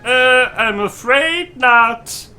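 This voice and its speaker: A man's voice: extremely high pitch, extremely slow, pushed and bright, smooth, soft background music, pitched above the performer's own voice, full character voice. A man voicing a timid, hesitant male sidekick who opens nearly every line with a nervous "um".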